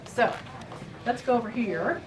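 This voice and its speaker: A woman's voice: a little high, a little slow. A woman from Indiana hosting a casual shop update, chatty and rambling, laughing easily. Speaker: quilt shop owner and host.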